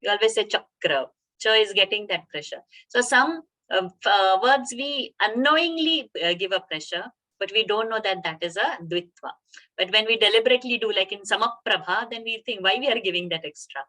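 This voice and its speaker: A woman teaching an online chanting class, patiently explaining pronunciation and chanting slowly over a video call. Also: medium pitch, lively intonation, sharp tone.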